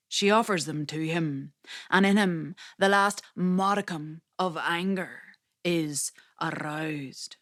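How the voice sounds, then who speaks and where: A woman performing a dramatic spoken-word story with slow, theatrical delivery. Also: sits low, a bit bright.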